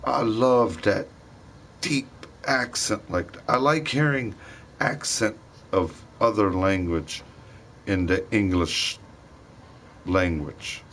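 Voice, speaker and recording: A man's voice: on the low side, slow pace, long pauses, fairly bright tone, a little hiss or hum. A man rambling loosely in a casual monologue, drifting and repeating himself. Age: young adult or older. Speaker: vlogger.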